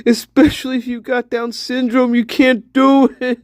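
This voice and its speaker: A man's voice: very high voice, flat delivery, moderate pace, few pauses, no room sound. A man host rambling through an erratic, crude solo monologue, often breaking into laughter. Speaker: channel host.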